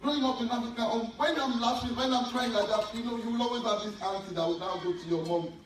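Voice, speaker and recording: A man's voice: extremely high pitch, fast, distant mic. A man with a Nigerian accent performing a stand-up comedy set, animatedly telling stories and acting out his mother. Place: event hall with a live audience. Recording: echoey hall recorded from afar, crowd and noise. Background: audience laughter.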